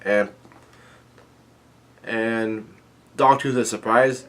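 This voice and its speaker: This reviewer talks at a normal speed in a medium-pitched, steady, fairly bright voice. His casual rundown of the manga chapter includes lines read aloud and lots of fillers and restarts.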